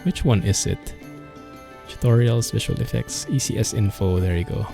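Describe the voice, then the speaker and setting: Gravelly-voiced man chatting while streaming. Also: lowish voice, moderate pace, dark tone, faint music behind. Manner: chatty, amused, rambling. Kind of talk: casual gameplay commentary.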